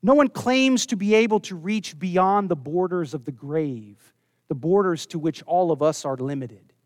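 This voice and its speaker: A man preaching a sermon, earnest, dropping low and soft when he quotes scripture. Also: animated, normal speed, no echo, studio quality. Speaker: pastor.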